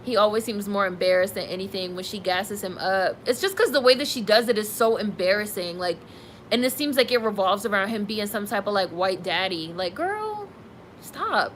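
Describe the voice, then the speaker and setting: A woman's voice: medium pitch, fairly quick, fairly bright tone, a little hiss or hum, poor audio. A young woman streaming live, reading viewer comments and reacting with candid, sassy asides. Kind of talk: casual live-stream chat.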